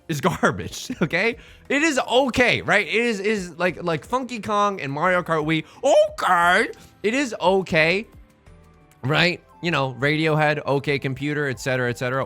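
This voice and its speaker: A man talks through a game in loose, joking commentary, wandering off into asides and banter. His pitch jumps around a lot, and his tone is bright and forceful. Soft game music plays underneath. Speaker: let's play host. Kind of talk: casual gameplay commentary.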